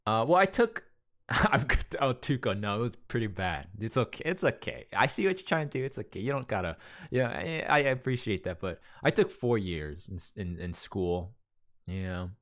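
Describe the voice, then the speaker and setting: A man's voice: fairly low pitch, animated, a little fast. A man from Las Vegas hosting a live stream, chatting casually with viewers, rambling, restarting sentences and reading their messages aloud. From Las Vegas, USA. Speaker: livestream host. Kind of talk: casual chat with a live audience.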